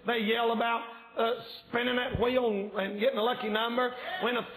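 A man preaching a fervent revival sermon in a church, shouting and yelling as he preaches, his voice a little strained. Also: extremely high pitch, level tone, brisk, roomy sound, poor audio. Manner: yells and shouts when preaching. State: slightly strained voice. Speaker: evangelist preacher. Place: church sanctuary.

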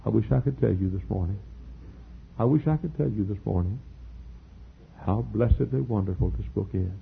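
A man's voice: fairly low pitch, normal speed, gravelly, slight background noise. An older man preaching a sermon in an earnest, folksy storytelling way. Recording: tinny phone-like sound.

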